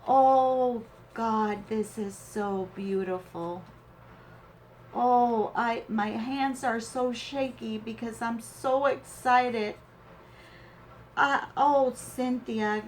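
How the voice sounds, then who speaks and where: A woman with a high, bright pitch speaks at a very slow, lingering pace, gushing with teary awe as she opens a handmade craft gift. Faint background noise sits under her voice. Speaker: crafting channel host. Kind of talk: emotional unboxing of a craft swap gift.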